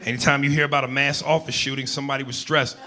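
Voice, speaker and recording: A man doing a profane stand-up comedy set on a club stage, telling loose stories and breaking into loud impressions. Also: mid-range voice, level tone, rapid-fire. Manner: loose, profane storytelling with bursts of shouted impressions. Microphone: handheld stage mic. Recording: live club recording with crowd laughter.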